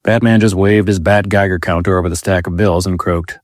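A man giving a deadpan comic narration with a dry, wry delivery and mock-formal wording. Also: deep voice, a little fast, no echo.

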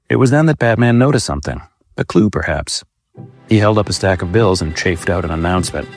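A man giving a deadpan comic narration with a dry, wry delivery and mock-formal wording. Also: sits low, a little fast, faint music behind.

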